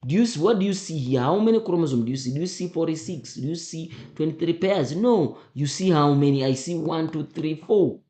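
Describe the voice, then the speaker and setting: Teacher going over exam answers, keeps asking "you understand", echoey room. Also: medium pitch. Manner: emphatic, repeats questions to students. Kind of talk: exam revision lesson. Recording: roomy echo.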